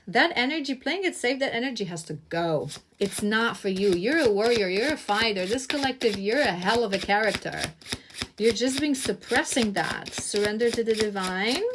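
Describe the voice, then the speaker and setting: A woman's voice: mid-range voice, noisy background. A woman doing a tarot reading to camera, effusive and earnest, often restarting her phrases and repeating herself. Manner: earnest, emotionally stirred. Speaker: tarot reader.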